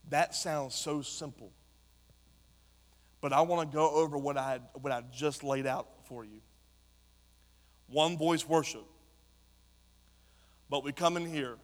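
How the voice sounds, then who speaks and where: A man preaching a sermon to a congregation, talking in a passionate way that builds to shouts. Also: medium pitch, steady tone, slow, long pauses. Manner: impassioned, rising to shouts. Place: church sanctuary. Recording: long hall reverb.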